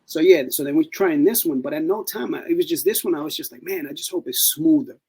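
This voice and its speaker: A man's voice: on the high side, fast talker, husky, rough recording. A man co-hosting a podcast in casual chat, telling stories and slipping into playful voices. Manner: animated storytelling with playful put-on voices. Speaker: podcast co-host.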